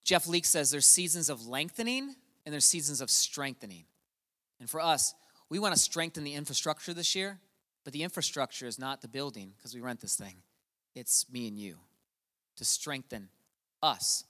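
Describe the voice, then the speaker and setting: Preacher, male, middle-aged, bright and fairly high voice, storytelling sermon with long hall reverb. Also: animated, normal speed. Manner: storytelling, swings from quiet to shouting. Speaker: pastor. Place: church hall.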